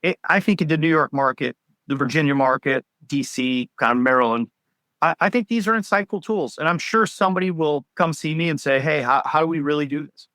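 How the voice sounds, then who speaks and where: A man's voice: on the high side, brisk, sharp tone, no room sound, clean studio sound. A man in his forties, a healthcare executive guest telling stories with enthusiasm. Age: 40s. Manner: enthusiastic storyteller, agreeable. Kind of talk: casual interview chat.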